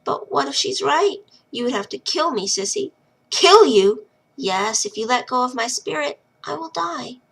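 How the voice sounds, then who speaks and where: A woman voicing a small boy spirit, sweet and childlike, who coaxes and wheedles his sister in a bright voice. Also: sits high, lively intonation, normal speed, vocal fry, slightly rough, pitched above the performer's own voice, heavily acted. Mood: wheedling. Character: sweet little boy spirit, clingy and mischievous.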